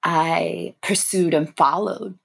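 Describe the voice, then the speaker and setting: Young adult woman, interview guest; slightly low pitch, thoughtful and warm, halting storytelling. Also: steady tone, vocal fry, breathy edge. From grew up in England, family from Sri Lanka. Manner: thoughtful, warm, laughs softly, frequent fillers. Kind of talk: reflective personal storytelling.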